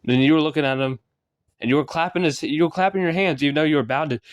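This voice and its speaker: A young man improvising a silly creepypasta story, rambling and correcting himself with jokes, his voice slightly hoarse. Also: a little high, fast, no room sound. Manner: rambling, self-correcting, jokey. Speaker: narrator.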